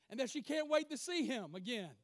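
This sermon comes from a male preacher with a remarkably high voice who builds to loud declarations and drops into quiet asides, all with emphasis. The recording sounds dry and close-miked, free of room reverb.

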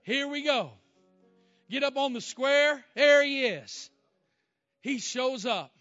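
A preacher with a very high, bright, forceful voice tells his story dramatically, swinging from shouts to near-whispers. The sound is a bit dull and lo-fi, with faint music underneath. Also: slow pace. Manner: dramatic, shifting from loud exclamations to hushed, emotional lines. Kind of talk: storytelling sermon.

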